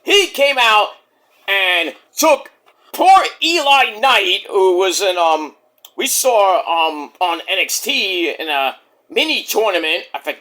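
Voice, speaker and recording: A man recapping a wrestling show in a casual vlog, excitable, rambling and profane. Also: high-pitched, slow.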